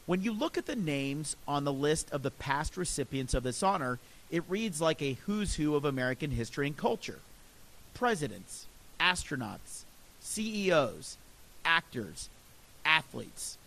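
A man's voice: fairly high pitch, low-quality recording. A middle-aged man, a podcast host, telling a personal story in an earnest, reflective and enthusiastic way.

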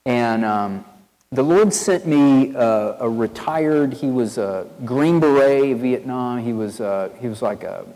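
A man from East Tennessee with a Southern accent, a pastor preaching a sermon in a conversational, storytelling way, earnest and animated. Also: mid-range voice, long reverb tail, poor audio. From East Tennessee, USA. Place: church sanctuary with long reverb.

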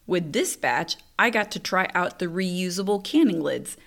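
Animated woman telling a family story. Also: fairly low pitch, moderate pace, vocal fry. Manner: animated, exasperated, laughing storyteller. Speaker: podcast host. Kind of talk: casual storytelling monologue.

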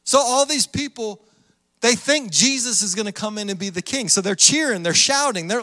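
A man's voice: high-pitched, expressive, moderate pace, bright, forceful tone, long reverb tail. A man preaching a sermon as pastor, with an earnest, repetitive cadence.

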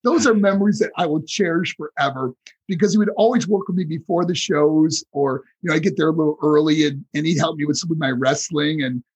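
A man from New York, a former pro wrestler, telling animated stories as a guest in a casual interview, with many fillers. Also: a little high, fairly quick, slightly rough, low-quality recording.

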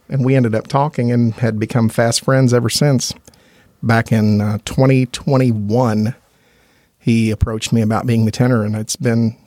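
This Indiana man sings tenor in a gospel quartet, and here he's a podcast guest spinning earnest, talkative stories with easy laughter. His voice is medium-pitched with a dark tone, recorded dry.

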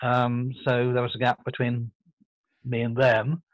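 Older posh English man, halting and reflective. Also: mid-range voice, monotone, no room sound, poor audio. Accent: posh southern English. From England. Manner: thoughtful, halting, self-correcting. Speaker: guest. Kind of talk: reflective interview conversation.

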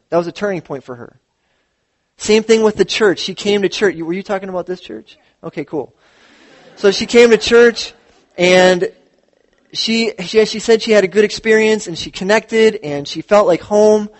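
Animated high-voiced male pastor. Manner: animated storytelling with acted quotes. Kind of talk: sermon. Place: church.

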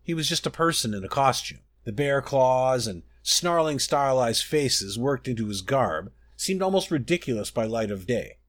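Man narrating a storybook with lively pitch.

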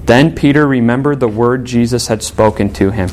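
A man's voice: medium pitch, moderate pace, darkish tone, soft background music. A male pastor giving a sermon in a conversational, storytelling way, acting out the voices of the people he quotes.

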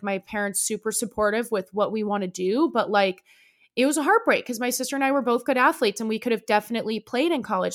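A woman in her twenties hosts a podcast, telling a personal story candidly, emotionally and without a filter, and swearing freely. Her voice is medium-pitched and a bit bright.

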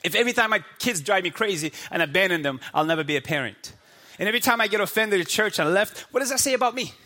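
A man from the United States preaching a sermon in church with impassioned shouting and rhetorical questions. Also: high voice, expressive, fast. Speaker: pastor. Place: church before a congregation.

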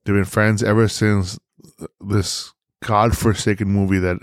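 Male podcast host, low voice, theatrical and profane, dry close recording. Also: flat delivery, measured pace, no room sound. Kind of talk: casual movie talk.

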